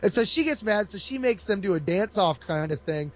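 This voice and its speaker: A man's voice: high-pitched, fairly quick. A man in casual chat, retelling a comic book plot with lots of laughter and put-on voices. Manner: animated storyteller, laughs often.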